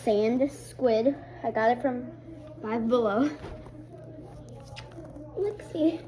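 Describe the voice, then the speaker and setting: A young woman presents her belongings in a laid-back home show-and-tell vlog, talking with lots of fillers over background TV chatter. She speaks slowly in a warm, steady voice on the high side, with a little hiss or hum on the recording.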